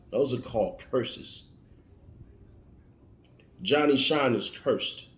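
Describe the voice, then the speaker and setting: Preachy man in an echoey room. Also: mid-range voice. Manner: preachy, emphatic, repetitive warnings. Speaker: motivational speaker. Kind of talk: motivational monologue. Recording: roomy echo.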